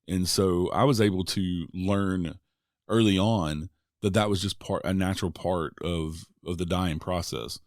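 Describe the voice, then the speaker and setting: A man with a very low voice hosts a podcast, chatting in a relaxed way full of "like"s and "uh"s. His voice sits close to the mic in a dry, dead space. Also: unhurried, no room sound. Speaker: podcast host. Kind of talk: casual podcast conversation.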